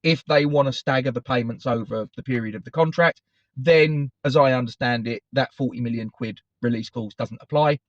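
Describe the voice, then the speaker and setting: A middle-aged man talks to camera in a loose, rambling way, often doubling back and correcting himself. His voice sits at an ordinary pitch. The recording is dry, with no room sound, and a little dull in the top end. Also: normal speed, dry recording. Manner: chatty, digressive, self-correcting. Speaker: football fan channel host. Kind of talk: casual rambling commentary to camera.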